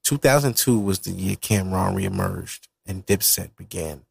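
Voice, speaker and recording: A man's voice: low-pitched, unhurried, gravelly, husky, no echo, studio quality. A man hosting a podcast, chatting casually and swearing often as he jokes and rants between hip-hop records. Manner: animated, profane, ranting and joking. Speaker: podcast host. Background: hip-hop music playing.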